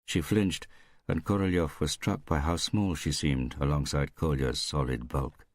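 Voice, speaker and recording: A male narrator with a very deep voice reads a crime story in a steady, unhurried way. The sound is close and dry, with no room in it. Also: no echo. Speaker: audiobook narrator. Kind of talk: scripted narration.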